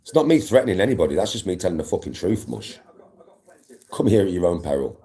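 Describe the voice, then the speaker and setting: A man's voice: deep voice, very animated, fast, warm tone. A man, a livestream host, ranting at live viewers in an aggressive, defiant, swearing way.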